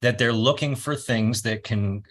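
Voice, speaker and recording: Husky-voiced guy telling stories, laughs a lot, mid-pitched, casual chat. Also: a little slow. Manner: animated storyteller, laughs often.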